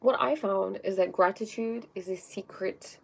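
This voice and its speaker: A woman's voice: mid-range voice, unhurried, gravelly, husky. A woman hosting a spiritual livestream in a casual talking style. She often tags her sentences with "okay?" and greets viewers by name between points. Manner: reads viewer comments aloud and greets them.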